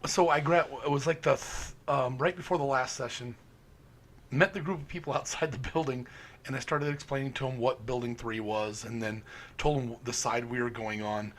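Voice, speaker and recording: A man's voice: mid-range voice, moderate pace. A man casually telling stories as a paranormal investigator, acting out quotes and laughing often. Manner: animated storyteller, acts out quotes, laughs often. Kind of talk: casual storytelling chat.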